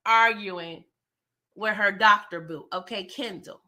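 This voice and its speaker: A woman recaps a TV episode in a loose, animated way. Her voice sits a little high and rings bright. She is full of slang and keeps talking straight to her audience. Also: moderate pace. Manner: animated, slangy, chatty, talks straight to viewers. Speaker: TV recap host. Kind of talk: casual recap and review.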